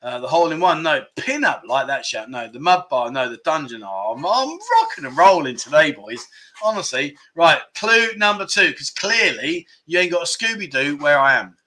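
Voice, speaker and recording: A middle-aged man hosts a casual livestream, telling jokey stories and reading viewer comments aloud. His voice sits on the high side, bright and forceful, animated at a normal speed. He's a chatty storyteller who laughs often.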